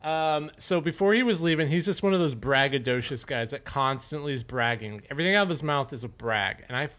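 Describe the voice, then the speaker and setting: A man's voice: fairly high pitch, fairly quick. A young man in his twenties, cohosting a podcast, telling a story with lots of swearing and quoted voices. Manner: profane, animated storytelling. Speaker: podcast co-host. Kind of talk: casual podcast chat.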